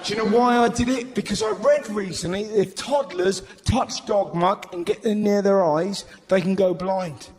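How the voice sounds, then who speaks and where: A male stand-up comedian telling stories live, brisk and animated, swearing freely and slipping into character voices. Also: sits high. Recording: live show with audience noise. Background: audience laughter.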